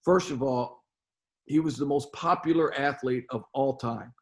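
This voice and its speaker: A man's voice: medium pitch, unhurried. An older man, a basketball coach interviewed as a guest, telling long stories, often repeating words and restarting his sentences. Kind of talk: storytelling interview.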